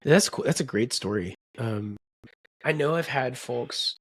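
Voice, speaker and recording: A man co-hosting a podcast, speaking in relaxed casual chat with fillers. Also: medium pitch, measured pace, slightly rough, no echo. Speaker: podcast co-host.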